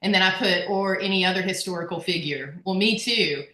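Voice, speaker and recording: A chatty woman hosting a group video call, her voice bright and clear. She sounds upbeat, laughs easily, and talks in an echoey room. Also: on the low side, fairly quick. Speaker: workshop host.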